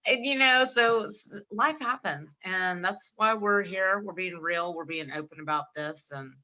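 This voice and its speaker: A woman's voice: medium pitch, a little slow, lo-fi sound. A middle-aged woman co-hosting a casual podcast, telling stories with animation, acting out both sides of conversations and laughing often. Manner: animated storyteller acting out dialogue; laughs often mid-sentence. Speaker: podcast co-host.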